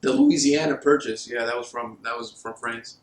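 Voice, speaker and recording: A man's voice: medium pitch, normal speed. A young man co-hosting a podcast, laid-back and trailing off mid-sentence. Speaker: podcast co-host. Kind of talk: casual stoned banter. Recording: echoey room.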